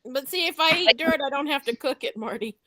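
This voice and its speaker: American woman goofing around, super high voice, slow and bouncy, dry sound. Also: pushed and bright, no room sound. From United States. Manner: silly, giggly, playful outbursts. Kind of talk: casual chat while watching a movie.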